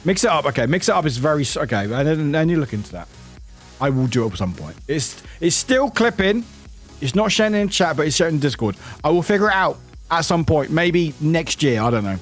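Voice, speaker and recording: A man's voice: on the high side, big pitch swings, brisk, faint music behind. A man streaming a game and chatting casually with viewers, rambling, laughing often and swearing casually.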